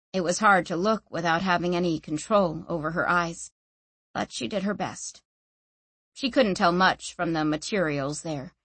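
A woman narrating a story in measured, dramatic scripted narration. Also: medium pitch, fairly bright tone, dry recording. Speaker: audiobook narrator.

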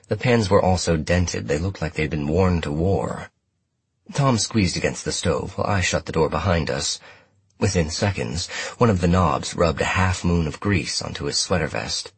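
A man reading a first-person novel aloud in a wry, measured manner. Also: deep voice, breathy edge, dry recording. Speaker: audiobook narrator. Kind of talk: scripted first-person narration.

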